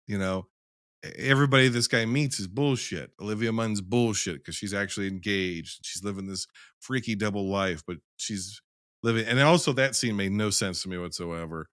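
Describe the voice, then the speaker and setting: A man's voice: on the low side, normal speed, a bit bright, no room sound, clean studio sound. A man in a casual film-review chat, rambling and emphatic, who swears freely.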